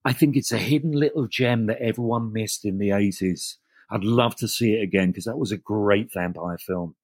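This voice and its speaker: A man talking easily as a podcast guest, his low voice a little husky and breathy. He tells stories with lively energy and often restarts mid-sentence. The sound is dry and close, with no room echo. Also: normal speed. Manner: animated anecdotes with frequent restarts. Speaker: guest actor. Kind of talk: casual interview chat.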